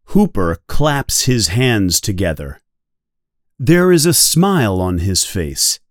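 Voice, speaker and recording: Slow, expressive male story reader. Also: on the low side, no echo, studio quality. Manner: clear, careful, expressive. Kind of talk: slow guided reading for English learners.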